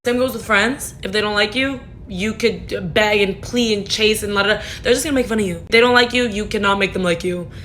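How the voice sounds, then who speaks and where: Brief: young woman, TikTok-style rant to a phone camera, frank and chatty, light background rumble. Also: brisk, few pauses, a bit bright. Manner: chatty, frank, swears, lots of "like". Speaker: TikTok creator. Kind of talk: casual talk to camera.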